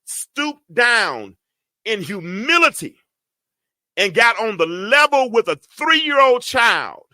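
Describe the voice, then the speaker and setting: A man's voice: very high voice, sing-song, slow, sharp tone, no echo, clean studio sound. A man hosting a show, teaching from the Bible in a preaching style, colloquial and building into emphatic, repeated lines. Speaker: host.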